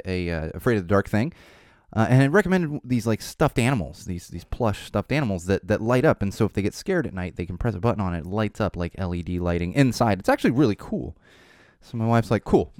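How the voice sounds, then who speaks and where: A man in his thirties hosting a podcast, rambling casually and laughing as he talks, sometimes mimicking a child in a high voice. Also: darkish tone, no echo, studio quality. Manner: rambling, self-interrupting, laughing. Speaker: podcast host. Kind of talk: casual chat.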